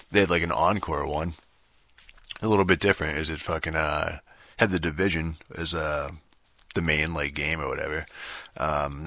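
Young guy rambling about games, swears constantly, deep but bright voice, dry sound. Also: no room sound. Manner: profane, rambling, heavy filler words. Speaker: gaming vlogger. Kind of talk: casual rambling monologue.

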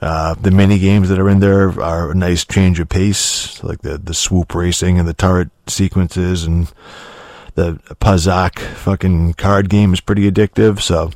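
A man's voice: deep voice, little pitch movement, measured pace, a little mellow, no echo, clean studio sound. A man giving a casual, rambling spoken review of a video game, full of swearing, fillers and restarts.

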